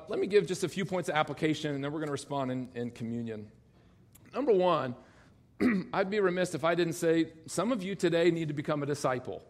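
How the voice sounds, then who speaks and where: A middle-aged man preaching from the pulpit, his voice sitting a little higher than most men's. He tells stories in a lively way, acts out the lines of the people in them and laughs as he goes. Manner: storytelling with laughter and quoted dialogue. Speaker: pastor. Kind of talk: sermon.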